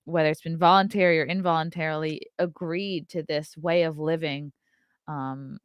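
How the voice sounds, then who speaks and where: A woman's voice: deep voice, fairly even intonation, normal speed, smooth, no room sound, highs cut off. Blunt, profane woman chatting on a stream. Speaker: podcast host reading live chat. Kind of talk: casual live-stream chat.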